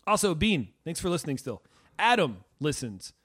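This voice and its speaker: Male podcast host, slightly high voice, rambling profane banter. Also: sing-song, moderate pace, a bit bright, slightly rough. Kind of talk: casual podcast chat.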